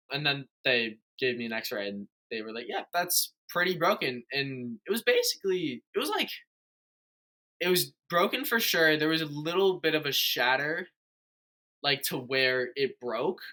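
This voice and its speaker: A man's voice: fairly high pitch, sing-song, moderate pace, bright, forceful tone. A young man chatting casually as a podcast host, telling a long story with many fillers and restarts. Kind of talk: casual chat.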